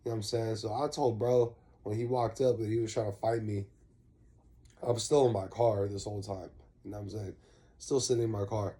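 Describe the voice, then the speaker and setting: A man's voice: on the low side, steady tone, brisk, mellow. Laid-back young guy telling a story. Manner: slangy, rambling, swears freely. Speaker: vlogger. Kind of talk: casual storytelling.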